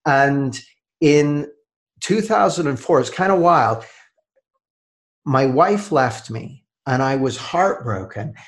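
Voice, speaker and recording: A man in the middle range of pitch answers interview questions about his writing. He speaks thoughtfully, at a measured pace, and his sentences often drop off quietly at the end. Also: animated. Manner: thoughtful, measured, trailing off softly. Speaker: author and guest. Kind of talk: reflective interview talk.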